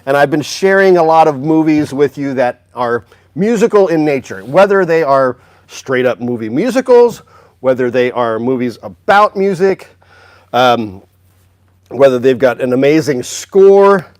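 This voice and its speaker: A man's voice: mid-range voice, lively intonation, a little slow, darkish tone, no echo. A man hosting a casual music store livestream, upbeat and chatty, greeting viewers by name.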